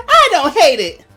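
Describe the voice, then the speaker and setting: Man doing a shrill bubbly girl gym leader. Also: bright, forceful tone, exaggerated voice. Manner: shrill, sing-song hype, playful taunts. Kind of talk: reading game dialogue aloud.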